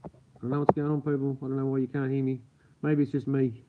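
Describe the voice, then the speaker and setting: An Australian livestream host chats casually with viewers late at night at home, keeping his voice down while swearing freely and laughing a lot. His mid-range voice is flat and quick. The audio sounds tinny, like a phone.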